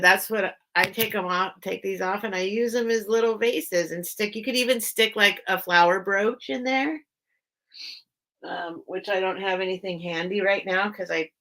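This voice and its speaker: A woman's voice: mid-range voice, bright, forceful tone. A middle-aged woman hosting a live online sale, chatting in a rambling way and greeting viewers by name. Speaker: host of a live vintage sale. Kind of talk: rambling live-stream chat.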